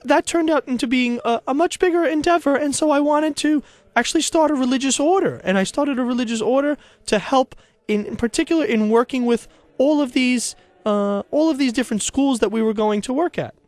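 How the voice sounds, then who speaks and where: A man voicing a prim, slightly smug American woman saint in a high falsetto. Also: fairly quick, hardly any pauses, darkish tone, no room sound. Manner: falsetto voice, proper and a bit prickly.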